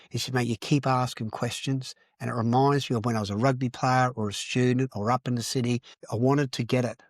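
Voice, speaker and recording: A man's voice: medium pitch, fairly even intonation, quick pace, few pauses, dry recording, studio quality. An older Australian man, a podcast guest, telling his story candidly in a blunt, profane way and repeating phrases for emphasis.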